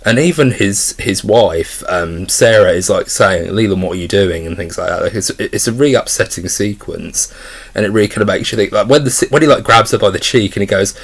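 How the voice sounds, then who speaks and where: Low-voiced man rambling through a film review. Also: a little fast. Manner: rambling, lots of fillers and restarts. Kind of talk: casual spoken film review.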